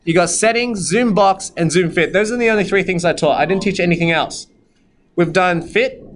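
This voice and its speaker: A man teaching a high school maths class in a classroom, sometimes sternly scolding the students at length. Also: moderate pace, fairly bright tone, slight background noise, poor audio. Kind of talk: classroom lesson with calculator demo.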